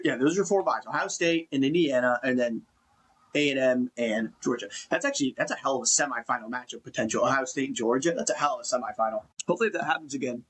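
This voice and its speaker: A man hosts a casual sports talk show with a fairly high, husky voice. He rants in an exasperated, swearing, conversational way. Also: fairly bright tone. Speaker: podcast host.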